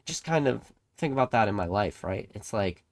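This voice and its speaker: In a dry, close recording with no echo, a young man with a fairly low voice rambles casually as a trading card channel host. He is animated and moderately paced, gets emphatic, swears freely and slips into character voices for his stories.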